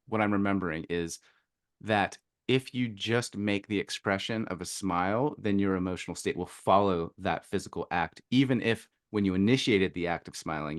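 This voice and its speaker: A man hosting a podcast in a casual, thoughtful way, pausing and searching for his words. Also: low-pitched, dry recording, clean studio sound. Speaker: podcast host.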